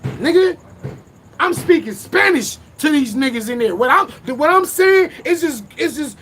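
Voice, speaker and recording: A young man rants about his craft. His voice sits high and swings widely as he brags, repeats lines and bursts into shouts. Faint noise hums under the recording. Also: lively intonation, measured pace. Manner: boastful, emphatic, repeats lines, breaks into shouting. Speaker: battle rapper recapping his match. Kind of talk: animated live-stream rant.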